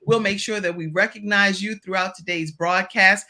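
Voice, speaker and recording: A woman from Virginia hosting a virtual talk show, chatty and animated, speaking straight to her audience. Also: mid-range voice, moderate pace.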